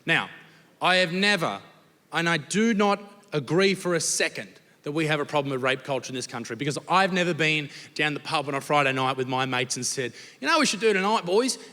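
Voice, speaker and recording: At a comedy venue, the same crude, brash young Australian stand-up swears his way through stories in a slightly high, bright, forceful voice at a fairly quick pace. Live hall reverb and faint noise can be heard in the recording.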